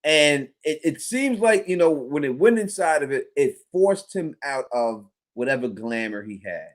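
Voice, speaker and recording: A man co-hosting a TV episode discussion, speaking in an animated way and thanking viewers by name. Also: on the high side, moderate pace. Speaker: podcast co-host.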